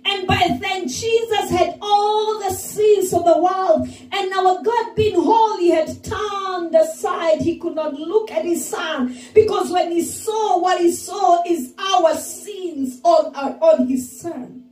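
High-voiced woman preaching slowly, echoey. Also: darkish tone, distant mic, soft background music. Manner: slow, emphatic preaching with repeated phrases. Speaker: pastor. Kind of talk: sermon.

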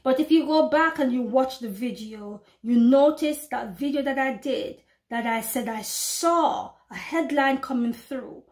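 High-voiced woman preaching fervently. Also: a little mellow. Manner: fervent, emphatic, slows to read scripture aloud. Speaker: prophetic YouTube preacher. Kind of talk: preaching to camera.

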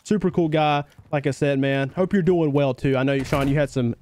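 A man's voice: fairly high pitch, normal speed, a little hiss or hum. A young man from North Carolina with a Southern twang, streaming a shooter game live and chatting with his viewers. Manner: excitable, chatty, reacts loudly to the game. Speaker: livestream gamer.

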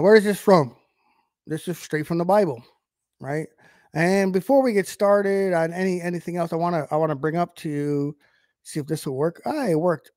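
Casting: man from the US, preacher on a livestream, casual and rambling delivery, slightly high voice, dry close sound. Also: darkish tone, dry recording. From United States. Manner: conversational, many fillers and restarts. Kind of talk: livestreamed Bible teaching.

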